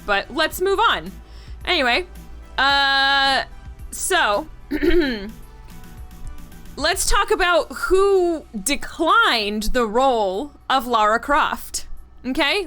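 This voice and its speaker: A woman streaming live, chatting with her viewers in an animated way and often laughing. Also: high voice. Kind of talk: casual live-stream commentary. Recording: faint music behind.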